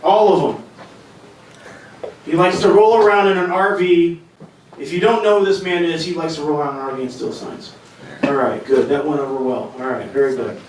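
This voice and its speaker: Man, stand-up comic, rambling and self-deprecating, slightly high voice, echoey club room, distant mic. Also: fairly quick, a little mellow, a little hiss or hum. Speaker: stand-up comedian. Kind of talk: open-mic stand-up set. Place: comedy club stage. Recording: echoey club sound from far off.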